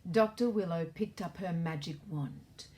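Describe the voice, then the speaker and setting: A woman's voice: lowish voice, unhurried, mellow, slight background noise. A woman author reading her children's storybook aloud in a playful way and asking the young listeners questions.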